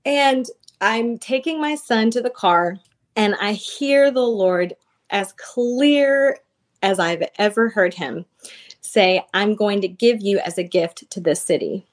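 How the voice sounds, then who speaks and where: A woman in her thirties, a guest on a podcast, shares a personal faith story as a casual testimony, speaking earnestly and with lots of fillers. Her voice is medium-pitched and slow.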